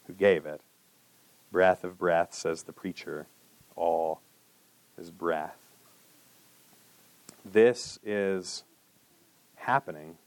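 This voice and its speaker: Earnest preacher man with a low voice. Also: no echo. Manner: earnest, with drops to a hushed low voice and lifts for emphasis. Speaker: pastor. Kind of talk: sermon.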